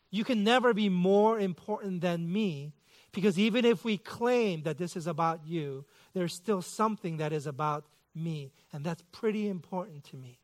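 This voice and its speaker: High-voiced man preaching a sermon. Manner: self-deprecating storytelling with mock outrage. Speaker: pastor.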